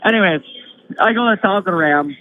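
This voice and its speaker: A man calls in to a live chat, his high voice squeezed through a tinny phone line with faint hiss. He tells his story in an animated rush and swears freely. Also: quick pace. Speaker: guest caller. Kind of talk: casual live-stream chat. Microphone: phone call.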